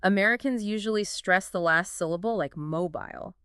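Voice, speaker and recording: A woman's voice: mid-range voice, expressive, moderate pace, fairly bright tone, clear, resonant tone, no room sound, studio quality. A woman co-hosting a podcast, chatting eagerly and explaining points with examples. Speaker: podcast co-host. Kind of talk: casual chat about pronunciation.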